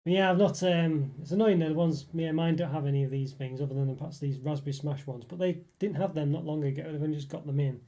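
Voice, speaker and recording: A man's voice: on the high side, fairly even intonation, fast, hardly any pauses, dark tone. A young man hosting a casual live stream, rambling and chatting with viewers, with lots of fillers and restarts. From northeast England. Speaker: livestream host reading chat.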